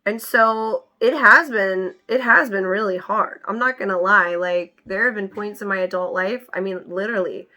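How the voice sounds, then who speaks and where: A young adult woman vlogger telling her life story candidly, with emphatic, animated retelling. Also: mid-range voice, normal speed, few pauses. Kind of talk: personal storytelling to camera.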